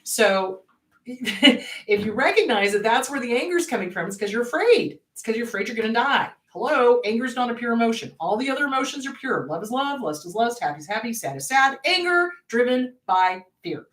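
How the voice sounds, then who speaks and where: Animated woman therapist, roomy echo. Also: fairly high pitch, a little fast. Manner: animated, acts out panicked inner voices. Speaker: therapist and show host. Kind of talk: casual educational talk. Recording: roomy echo, distant from mic.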